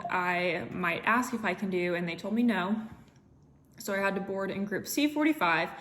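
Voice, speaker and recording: Chatty young woman telling a travel story. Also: mid-range voice. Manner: chatty, animated, frequent "like" fillers. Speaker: travel vlogger. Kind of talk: casual storytelling vlog.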